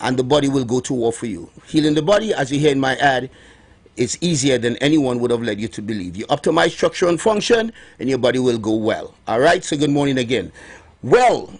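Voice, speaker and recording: A middle-aged man with a Trinidadian accent hosting morning radio talk, emphatic and repeating his points slowly. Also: medium pitch, lively intonation, breathy edge. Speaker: radio host promoting herbal remedies.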